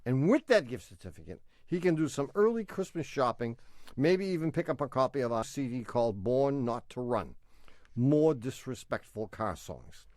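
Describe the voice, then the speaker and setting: A man's voice: medium pitch, very animated, normal speed, a little mellow, no room sound, clean studio sound. An older man with a Boston accent, co-hosting a radio call-in show, cracking jokes and laughing a lot. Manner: wisecracking, laughs often. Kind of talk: joking radio call-in banter.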